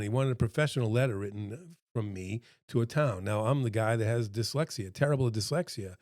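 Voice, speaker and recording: A man's voice: mid-range voice, a little fast, warm tone, dry recording, studio quality. A middle-aged man who runs a restaurant consultancy gives a casual talk to camera from home, chatty and earnest, with lots of fillers and quoted voices. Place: home room with a dog nearby.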